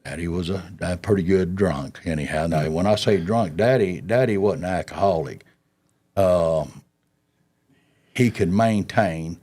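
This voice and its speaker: Deep-voiced man telling a story. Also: measured pace, a little mellow. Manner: folksy, drawling, chuckles through his story. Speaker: interview guest recounting his past. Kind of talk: storytelling in an interview.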